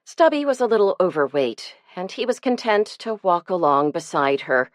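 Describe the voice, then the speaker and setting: A woman narrating an audiobook in a measured, expressive storytelling way. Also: lowish voice, dry recording, clean studio sound.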